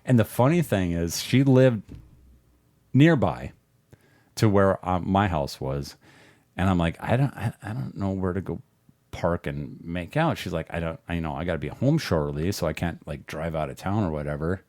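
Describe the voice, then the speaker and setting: A man's voice: deep voice, expressive, normal speed, darkish tone, dry recording, clean studio sound. A man, a podcast guest, telling a rambling, profane story in a casual way and laughing often.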